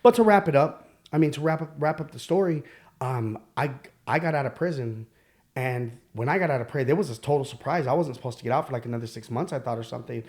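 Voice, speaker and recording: A man speaks candidly as a podcast guest, telling his own story with frequent fillers and restarts. His voice sits at an average pitch for a man. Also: quick pace, a little mellow. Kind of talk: personal storytelling.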